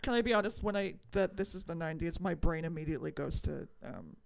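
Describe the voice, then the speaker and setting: Brief: woman with a gravelly, creaky voice, podcast co-host, hesitant and thoughtful. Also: lowish voice, expressive, quick pace. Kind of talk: casual chat.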